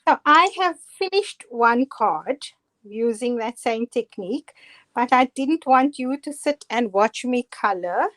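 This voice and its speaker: Speaking a little slowly with lively intonation, this middle-aged woman has a fairly high, slightly bright voice and a Cape Town South African accent. She's a guest crafter showing how to make cards in a casual live demo, chatty, self-deprecating and quick to laugh.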